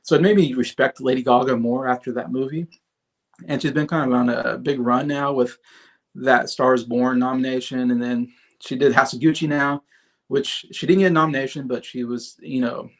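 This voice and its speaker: A man's voice: medium pitch, steady tone, fairly quick. A man in his thirties hosting a casual livestream, reviewing movies in a rambling way with many fillers and restarts and chatting with viewers. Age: 30s. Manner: chats with viewers in the comments.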